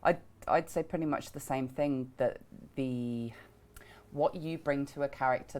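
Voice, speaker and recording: A woman's voice: rumbling low, normal speed, a little mellow. A woman voice actor, a guest on a livestream panel, talking thoughtfully and explaining her craft at length.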